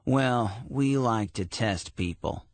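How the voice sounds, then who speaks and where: A man's voice: on the low side, slow, no room sound. A man voicing a sly teen gang leader. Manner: sly, smooth, testing. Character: cocky teenage boy, gang leader, sly.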